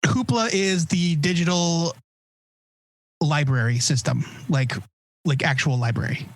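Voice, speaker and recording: A man co-hosting a comics podcast, explaining things in a deadpan, casual way. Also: fairly high pitch, unhurried, no room sound. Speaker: podcast co-host.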